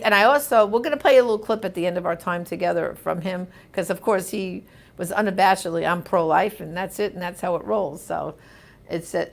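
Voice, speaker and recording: A woman's voice: medium pitch, vocal fry. A woman hosting a live question-and-answer show, reading viewer comments and answering in an emphatic, indignant, chatty way.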